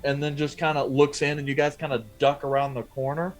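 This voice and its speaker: A man's voice: a little high, flat delivery, a little fast, faint music behind. A man narrating as game master, hesitant and full of fillers.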